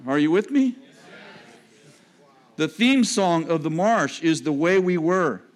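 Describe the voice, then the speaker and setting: A man with a high voice preaching a sermon. He talks like he is chatting with the crowd, cracks jokes along the way, and often drops into a low register to drive a point home. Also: expressive, slow pace. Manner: conversational preaching with joking asides and sudden drops to a low register. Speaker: pastor.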